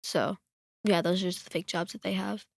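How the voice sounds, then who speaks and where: A woman's voice: on the low side, steady tone, normal speed, vocal fry, breathy edge, no room sound. A woman chatting casually on a podcast, retelling a story in a rambling way with lots of fillers. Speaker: podcast guest. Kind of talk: casual chat.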